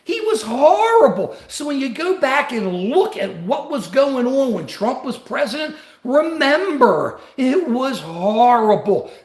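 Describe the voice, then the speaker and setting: A man hosting a political livestream, emotional and emphatic, repeating himself, answering viewers' comments by name and yelling at times. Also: extremely high pitch, big pitch swings, a little slow, few pauses. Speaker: livestream host. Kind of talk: impassioned political livestream rant. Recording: roomy echo.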